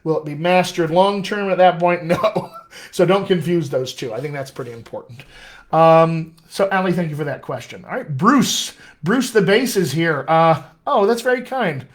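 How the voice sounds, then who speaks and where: A man's voice: on the high side, normal speed. A man working as a dialect coach, answering viewer questions in a casual live-stream chat with an upbeat, chatty manner.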